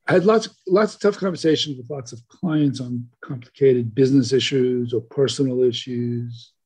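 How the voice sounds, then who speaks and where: An older man telling a story as a podcast guest, animated and full of fillers and restarts. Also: mid-range voice, breathy edge.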